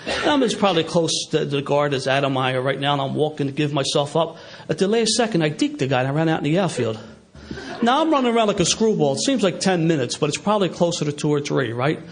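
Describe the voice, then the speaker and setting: Animated Philadelphia man telling stories. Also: fairly high pitch. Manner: animated storytelling with a laugh in the voice. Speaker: AA speaker. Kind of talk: recovery meeting talk. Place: meeting hall with a live audience.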